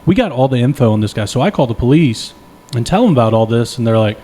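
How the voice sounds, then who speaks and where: A young man co-hosting a podcast talks at a quick pace in a medium-pitched voice. His anecdote is long, crude and all over the place, told casually with plenty of self-deprecation, animation and laughter.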